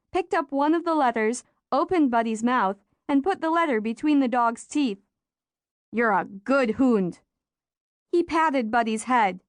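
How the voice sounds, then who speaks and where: A woman narrating a children's audiobook in a lively storytelling manner. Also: high voice, no room sound. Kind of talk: scripted narration. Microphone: studio microphone.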